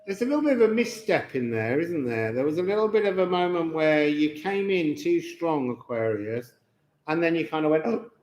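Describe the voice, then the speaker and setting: A man giving an unscripted card reading to viewers, slow and musing with chatty asides. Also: a little high, animated, a little mellow, a little hiss or hum. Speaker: tarot and astrology reader. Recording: echoey room.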